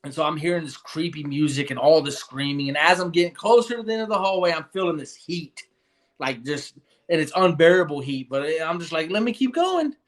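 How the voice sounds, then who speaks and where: A man's voice: fairly high pitch, lively intonation, brisk. A young man telling his story in a casual interview, earnest and rambling, with many fillers and restarts. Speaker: guest.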